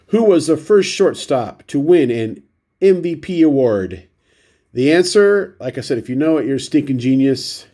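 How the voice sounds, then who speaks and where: A man with a stuffy, runny nose talks casually through a pile of baseball cards, one at a time. His voice is mellow and warm, sitting at an ordinary middle pitch. He rambles and pokes fun at himself as he goes. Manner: rambling, self-deprecating, shows cards one by one. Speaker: baseball card vlogger. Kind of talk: casual chat.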